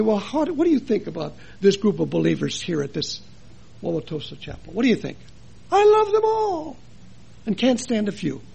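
In a chapel, a man preaches a sermon in a high voice thick with gravel and a husky edge. He speaks earnestly, poses many rhetorical questions to his listeners, and shifts between loud and soft for emphasis.

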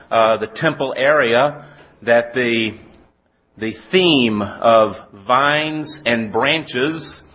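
A male preacher with a husky, slightly breathy voice, delivering a sermon from the pulpit. He moves from folksy, lightly humorous storytelling to deliberate, weighty scripture reading. The recording is dull and lo-fi. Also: medium pitch.

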